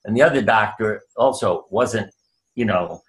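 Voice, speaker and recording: An older man, a doctor, telling anecdotes in an interview over a video call. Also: lowish voice. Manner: anecdotal, unhurried, drops voice for quoted lines. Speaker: guest, doctor. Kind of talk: storytelling interview.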